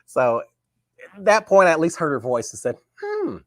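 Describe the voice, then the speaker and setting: A man's voice: a little high, quick pace, no room sound. A man hosting a live talk show, telling a story casually and acting out remembered dialogue. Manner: animated, acts out remembered dialogue.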